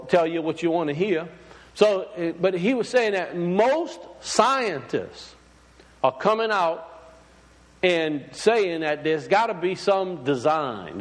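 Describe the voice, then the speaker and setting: A man preaching to a congregation in a loose, conversational way, full of fillers and restarts, often asking his listeners questions. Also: on the high side. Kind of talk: sermon. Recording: long hall reverb.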